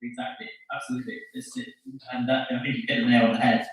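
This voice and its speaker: A man's voice: mid-range voice, little pitch movement, fast, far from the mic. A man interviewing, agreeing briefly and then adding sympathetic remarks. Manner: short agreeing backchannels, then sympathetic comments. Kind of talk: interview chat. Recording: echoey room, voice off-mic.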